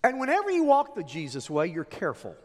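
Male pastor delivering a dramatic sermon, high-pitched and wildly swinging between loud declarations and hushed asides, long hall reverb. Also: huge pitch swings, quick pace.

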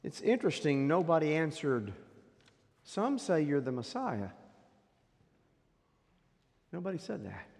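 A pastor preaching a sermon, swinging dramatically between loud declarations and hushed asides. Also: male voice, a little high, big pitch swings, measured pace, creaky, long pauses. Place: church sanctuary. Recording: long reverb of a church hall.

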